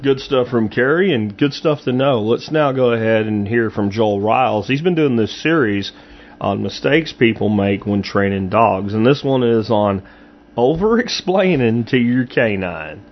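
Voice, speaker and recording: A male host briskly introducing the next segment of the show. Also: medium pitch, lively intonation. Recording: dull lo-fi sound.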